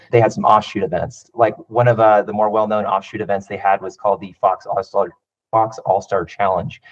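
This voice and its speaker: This man in his thirties has a low voice with little rise and fall. He speaks in a relaxed, rambling way, as a guest sharing casual stories. The audio is dull and lo-fi. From California. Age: 30s. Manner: relaxed, rambling with frequent "like" and "you know". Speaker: interview guest. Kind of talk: casual interview storytelling.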